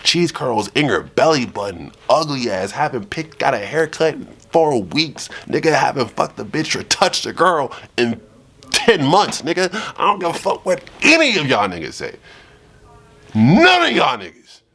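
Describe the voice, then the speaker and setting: Animated ranting man with lively pitch. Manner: animated, emphatic, swearing. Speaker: streamer reacting to a clip. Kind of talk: profane heated rant.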